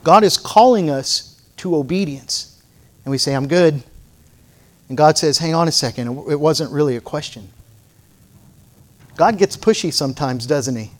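A man's voice: on the high side, lively intonation, moderate pace, pauses often. A middle-aged male pastor preaching a sermon, moving from playful storytelling to fervent exhortation.

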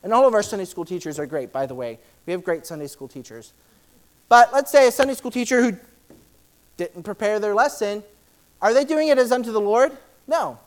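In a voice that sits high, a man preaches a church sermon and reads from scripture, speaking quickly and excitedly. As he presses on, he tends to repeat words.

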